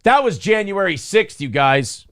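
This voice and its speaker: A man's voice: high-pitched, very animated, measured pace, a bit bright, clear, resonant tone, no echo. Blunt, profane man co-hosting. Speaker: morning show co-host. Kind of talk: casual political talk show, reading chat comments.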